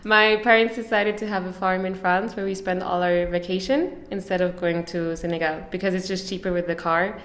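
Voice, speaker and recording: A woman's voice: fairly low pitch, fairly even intonation, fairly quick, hardly any pauses, a bit bright, roomy sound. A young woman from Switzerland, a podcast guest chatting casually and laughing often at herself. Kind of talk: casual interview chat.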